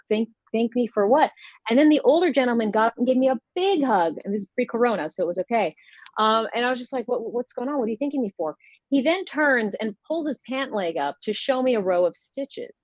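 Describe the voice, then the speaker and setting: A woman's voice: mid-range voice, no echo, dull audio. A woman performing a stand-up comedy set over a video call, telling wry stories with lots of fillers. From United States. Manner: wry, conversational storytelling with many fillers.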